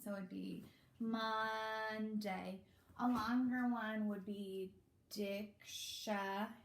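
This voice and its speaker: A chatty woman teacher explaining classroom activities to parents in an easy, rambling way. Her voice sits at an ordinary pitch and bounces around an echoey room at home. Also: unhurried, gravelly. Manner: chatty, relaxed, with many fillers. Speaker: kindergarten teacher. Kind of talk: casual instructional talk to parents.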